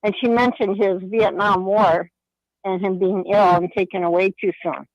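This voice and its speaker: An older woman calls in over a dry, close telephone line. She is chatty and tells her story by acting out every back-and-forth in quoted dialogue. Her voice sits at a middling pitch. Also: fairly even intonation, moderate pace, no echo. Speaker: caller. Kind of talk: phone-in storytelling. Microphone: phone.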